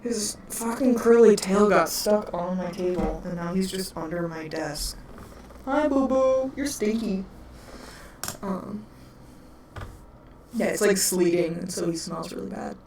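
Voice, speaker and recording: A woman with a Wisconsin accent runs a tabletop game as game master, chatting, laughing and giggling, and even talking to her pets. Her voice is on the low side, a little slow and mellow, with fairly even intonation. The echoey room, distant mic and faint noise mark the recording.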